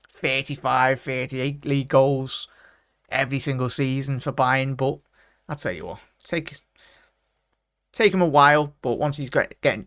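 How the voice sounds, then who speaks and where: A man hosts a football watchalong livestream, chatting casually as he reads comments and greets viewers by name with "big up" and "mate." His mid-range voice is a bit bright, with dry, clean studio sound.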